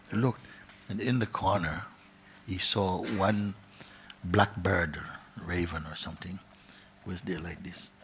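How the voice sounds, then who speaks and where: A man telling a parable as a spiritual teacher, soft-spoken, often dropping to a whisper and repeating his phrases. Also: low-pitched, steady tone, measured pace, a little hiss or hum. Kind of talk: storytelling in a spiritual gathering.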